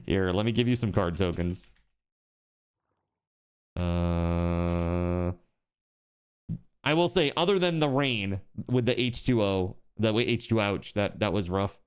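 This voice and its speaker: Male streamer, excitable, with a clear, resonant voice that swings widely in pitch; yelps and laughs while playing. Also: takes it slowly, pauses often. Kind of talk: live gaming stream chat.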